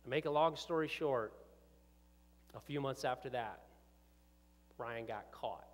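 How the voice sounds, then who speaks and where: A male pastor telling a personal story in a sermon, often dropping to hushed tones and rising to urgent appeals. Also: medium pitch, unhurried. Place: church sanctuary with long reverb. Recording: reverberant church hall.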